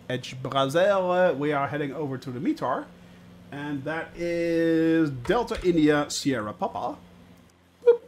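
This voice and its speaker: A man streaming a flight simulator, chatting to viewers in a relaxed way with many filler sounds. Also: fairly high pitch, slight background noise. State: watery eyes, about to sneeze. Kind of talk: live-stream commentary.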